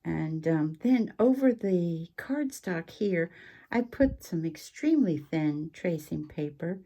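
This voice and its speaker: Woman host, low mellow voice, chatty craft walkthrough with ums. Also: expressive, slow pace. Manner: chatty, rambling, with frequent ums and asides. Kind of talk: casual craft show-and-tell chat.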